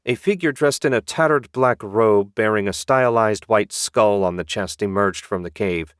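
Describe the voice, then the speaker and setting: Low-voiced man narrating an audiobook. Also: normal speed, clear, resonant tone, no room sound, clean studio sound.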